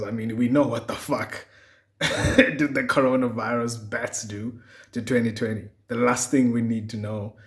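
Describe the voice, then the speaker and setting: A man's voice: fairly low pitch, fairly bright tone. A young man hosting a solo podcast, rambling casually with plenty of swearing and chuckles. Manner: rambling, profane, chuckling often. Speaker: podcast host.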